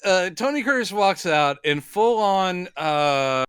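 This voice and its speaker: A man's voice: high voice, slow, smooth, no room sound. A man co-hosting a podcast, recapping a bad movie with laughter and quoted lines. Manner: animated storyteller, laughs often, acts out quotes. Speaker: podcast co-host. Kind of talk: casual comedic movie recap.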